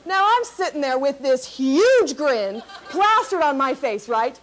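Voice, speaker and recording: High-energy high-voiced woman speaker. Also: a little slow. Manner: animated, laughing, high-energy. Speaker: keynote speaker. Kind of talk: comic storytelling to an audience.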